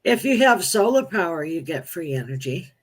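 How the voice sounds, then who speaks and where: Female psychic guest, plain-spoken, halting with restarts. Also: fairly low pitch, big pitch swings. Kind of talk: casual live-stream chat.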